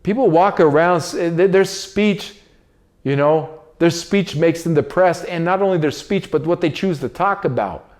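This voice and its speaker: A man delivering a casual, unscripted monologue as host. He lectures with street slang and circles back over the same points, repeating himself. His voice sits a little higher than most men's. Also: moderate pace, a little mellow. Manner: preachy, repetitive, street slang.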